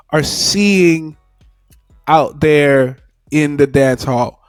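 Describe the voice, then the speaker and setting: A man's voice: fairly high pitch, very slow, long pauses, clean tone, no echo, clean studio sound, soft background music. A man co-hosting a casual reaction chat, speaking emphatically and often breaking off and restarting his phrases. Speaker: co-host of a reaction show.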